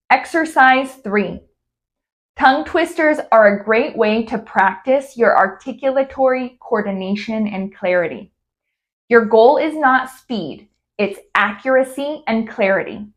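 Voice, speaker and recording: Lady speech therapist from california, slow careful drills, kinda high voice. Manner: slow, over-articulated, modeling drills. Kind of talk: instructional exercise guide.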